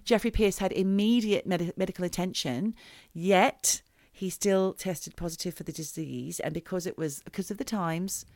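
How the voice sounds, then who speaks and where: Low-voiced woman telling a crime story. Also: moderate pace, hardly any pauses, darkish tone, dry recording, clean studio sound. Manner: chatty, dramatic storyteller with restarts. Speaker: podcast co-host telling a true crime story. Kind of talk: casual storytelling chat.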